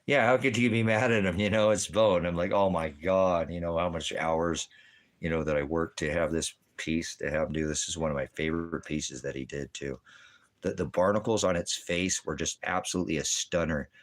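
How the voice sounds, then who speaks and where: A man vlogging in casual chat, rambling and repeating himself with halting restarts. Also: low voice.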